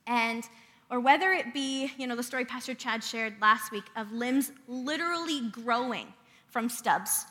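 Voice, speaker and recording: Speaking a little slowly in a sharp, somewhat high voice, a woman preaches earnestly in a church, weaving a family story together with prayerful passages. Long reverb from the sanctuary hangs over everything.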